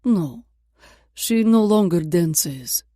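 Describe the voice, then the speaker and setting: A woman doing a slow, heavy-accented Russian male dancer. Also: high voice, lively intonation, dark tone, no echo, clean studio sound, exaggerated voice. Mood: curt. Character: brash young male Russian ballet dancer.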